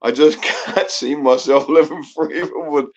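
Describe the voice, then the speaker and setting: A man's voice: a little high, steady tone, normal speed. Rambling New Zealand man, lo-fi. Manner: rambling, swears a lot, laughs often. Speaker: guest caller on a live panel. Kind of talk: casual chat. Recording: dull lo-fi sound.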